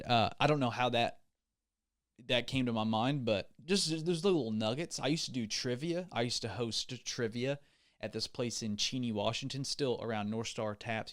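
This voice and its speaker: A man talking through a comedic podcast monologue at a middling pitch. He wanders off on tangents, corrects himself mid-sentence and pokes fun at his own mistakes, with a goofy, offhand delivery. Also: no room sound, studio quality. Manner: goofy, self-deprecating, digressive, with lots of restarts. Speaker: podcast host.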